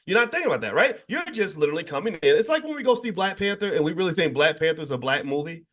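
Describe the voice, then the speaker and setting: A man's voice: fairly high pitch, very animated, fast talker, a bit bright. A man hosting a daily finance show, talking off the cuff to his audience in an emphatic, preachy way, often restarting and asking listeners to agree. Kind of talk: unscripted monologue to an online audience.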